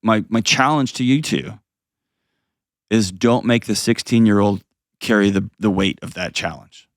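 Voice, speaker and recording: A man's voice: fairly low pitch, measured pace, no echo, studio quality. A middle-aged man hosting a call-in advice show, talking earnestly and repeating phrases for emphasis. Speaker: call-in show host and counselor.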